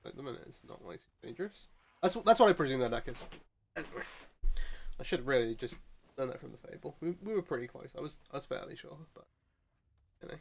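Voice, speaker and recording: A man's voice: medium pitch, expressive, fast talker, creaky, pauses often, a little hiss or hum. A man casually commenting on his own card game match, thinking aloud and often restarting his sentences. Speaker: streamer playing a card game.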